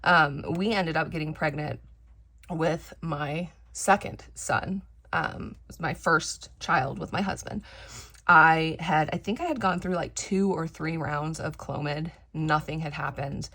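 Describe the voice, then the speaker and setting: A craft vlogger in her thirties chats candidly while crafting, rambling with many fillers and restarts. Her voice is low, husky and fairly bright, she takes it slowly, and dry air makes it slightly crackly.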